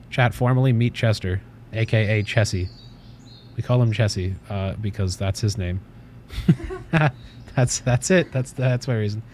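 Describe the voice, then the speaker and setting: Low-voiced man cooing at his cat. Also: darkish tone, slight background noise. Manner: rambling, swears casually, coos at his cat. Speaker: livestream host. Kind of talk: casual livestream chat. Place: home room at his desk.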